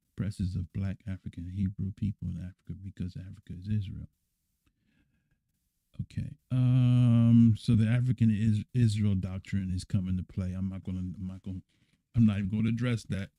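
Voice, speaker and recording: A man's voice: lowish voice, creaky, dark tone, no echo. A man, a church elder, giving a livestreamed scripture lesson and answering viewer comments in a blunt, emphatic way, repeating points and checking in with "right?".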